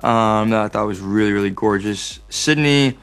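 A man's voice: fairly low pitch, moderate pace, soft background music. A man with an American accent, an actor guest chatting casually in an interview, candid with a self-mocking humor.

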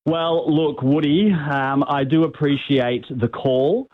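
A man calling into a radio show as music director, dry and teasing in a deadpan way. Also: on the high side, slow. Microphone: phone line. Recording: tinny phone line.

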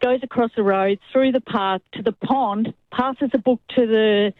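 A woman's voice: a little high, unhurried, dry recording. A woman calls a radio show and tells a long joke step by step. Her voice sounds tinny and dry, as if heard over a telephone. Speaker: caller. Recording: tinny phone line.

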